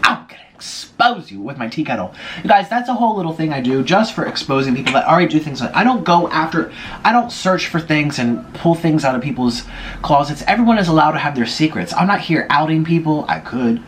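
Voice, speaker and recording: A man's voice: on the high side, big pitch swings, brisk, fairly bright tone, slight background noise. A young man vlogging casually, gossiping to his viewers while he eats. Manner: gossipy, chatty, eating while talking. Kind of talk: casual mukbang chat.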